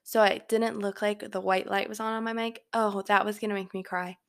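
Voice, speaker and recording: A young woman talks through her own casual podcast from her bedroom, rambling and leaning on filler words. Her pitch sits mid-range, but her voice drops into a noticeable vocal fry. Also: little pitch movement, a little fast. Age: young adult. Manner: rambling, filler-heavy chatter. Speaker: podcast host. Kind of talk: casual solo podcast chat. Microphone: home microphone.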